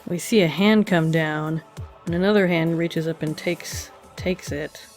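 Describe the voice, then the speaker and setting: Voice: medium pitch, steady tone, unhurried. A reviewer talking casually through an anime episode while drawing, thoughtful and musing, with hesitant fillers. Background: faint background music.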